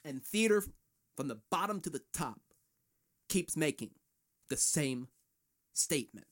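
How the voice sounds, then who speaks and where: A man's voice: fairly high pitch, big pitch swings, measured pace, a bit bright. Fired-up, profane male podcast host. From United States. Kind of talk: ranting solo podcast.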